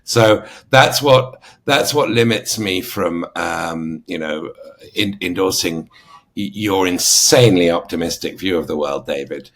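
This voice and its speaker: A man with an English accent speaking as a podcast panelist, measured and analytical with hesitant fillers. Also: low voice, a bit bright. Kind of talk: podcast discussion.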